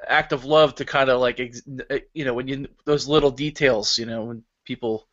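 A man's voice: mid-range voice, fairly even intonation, normal speed, a bit bright, highs cut off. A man in his thirties hosting a podcast, laid-back and encouraging in casual chat. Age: 30s. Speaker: podcast host.

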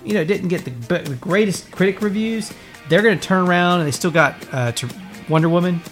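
Excitable male host with a slightly high voice, rambling through casual pop-culture talk. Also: a little fast, soft background music. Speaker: podcast host.

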